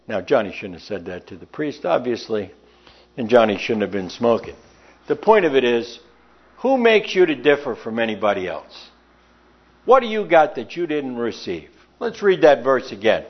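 A man's voice: mid-range voice, very animated, moderate pace, slightly rough. A man preaching a sermon in a folksy, emphatic way, telling stories and reading scripture, in a lo-fi recording.

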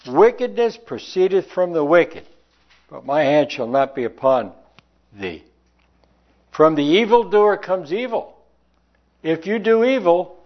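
Male preacher, slightly high voice, emphatic and questioning, muffled lo-fi recording. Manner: emphatic rhetorical questions, reading old scripture aloud. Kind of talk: sermon with scripture reading. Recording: dull lo-fi sound.

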